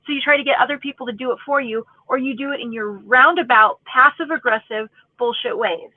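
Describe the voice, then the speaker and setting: A woman's voice: sits high, fairly quick, dry recording. A woman in her forties ranting angrily in casual, profane, sarcastic commentary as a YouTube commentator. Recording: tinny phone-like audio, dry.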